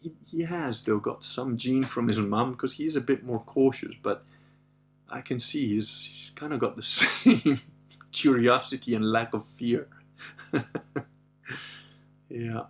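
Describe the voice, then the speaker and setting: Faint music plays behind a middle-aged podcast host whose mid-range voice moves at a measured pace with frequent pauses. Animated and casual, he tells a story by impersonating the people in it, laughing often and swearing occasionally.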